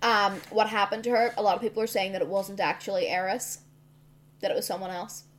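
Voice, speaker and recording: A woman co-hosting a casual podcast, chatting about fantasy books with quick bursts of enthusiasm and plenty of swearing. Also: mid-range voice, steady tone. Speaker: podcast co-host.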